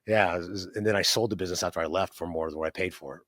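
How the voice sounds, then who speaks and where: A man's voice: low voice, fairly even intonation, rapid-fire, a bit bright, dry recording, studio quality. A man in his fifties, an entrepreneur guest, telling his life story in a rambling, conversational way with many fillers and tag questions. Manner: rambling, many fillers and restarts, frequent "right?".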